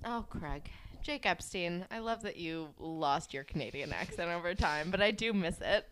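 A woman's voice: lowish voice, lively intonation, fairly bright tone. A young woman co-hosting a casual podcast, chatting and laughing while recapping a TV show. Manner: chatty, laughing, quick reactions. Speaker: podcast co-host.

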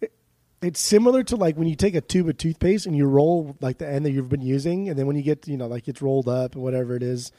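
A man's voice: medium pitch, fast talker, warm tone, no room sound. A young man co-hosting a casual podcast chat, goofy and rambling, laughing often at his own riffs. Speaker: podcast co-host.

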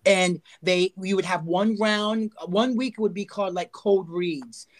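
A high-voiced man hosts a relaxed podcast chat. He thinks out loud, trailing off and restarting with fillers as ideas come to him. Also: a little slow. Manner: rambling, thinking aloud with many fillers. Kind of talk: casual chat.

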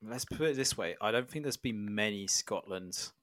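A man with a low voice co-hosts a casual football podcast. He speaks in a calm, measured way, and the recording is dry and close. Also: no room sound. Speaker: podcast co-host.

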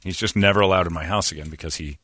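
A man's voice: low voice, fairly even intonation, rapid-fire, bright, forceful tone, husky, dry recording. A man from San Diego hosting a comedy talk show, telling crude rambling stories. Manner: crude, rambling storytelling with laughs. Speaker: host. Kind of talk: casual comedic banter.

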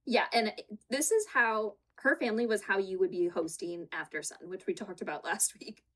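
This podcast co-host has a medium-pitched, fairly bright voice and talks at normal speed while recapping a reality show in a relaxed chat. She laughs a lot and retells moments using quoted voices, all captured on a home setup with a green screen.

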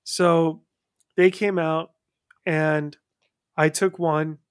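A man hosting a podcast interview, chatting casually and telling funny stories with quick voice switches. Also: on the high side, level tone, clear, resonant tone, no echo, studio quality. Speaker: podcast host.

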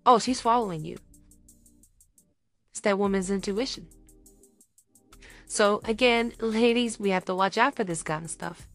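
A woman's voice: medium pitch, a little slow, pauses often, soft background music. A young woman co-hosting a podcast, chatting casually and giving dating advice, acting out little scenes as she talks. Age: young adult. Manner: animated, acts out little scenes with quoted voices. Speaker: podcast co-host.

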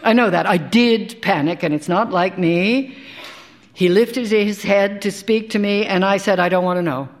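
A woman's voice: mid-range voice, a little slow. Wry woman reading a story live. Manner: wry, conversational storytelling with dry asides. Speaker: actor reading a short story. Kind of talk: live dramatic reading of a first-person story. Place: live stage performance.

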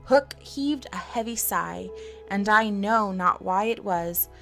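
A woman narrating a storybook in an expressive, measured reading. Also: mid-range voice, vocal fry, soft background music.

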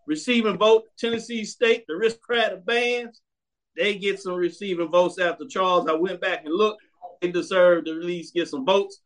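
A man's voice: high voice, fairly bright tone. A man hosting a sports show, giving blunt, opinionated commentary and hammering his points with repeated commands.

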